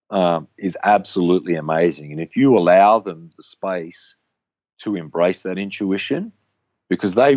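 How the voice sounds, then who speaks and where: A man's voice: sits low, a little mellow, no room sound, lo-fi sound. A middle-aged man chatting as a guest, reflective and rambling with many restarts. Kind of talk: casual conversation.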